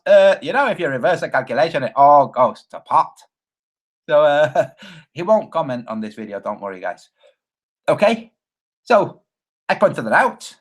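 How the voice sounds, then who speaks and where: A man's voice: a little high, breathy edge. A man giving casual, sarcastic commentary over videos, often asking "okay?".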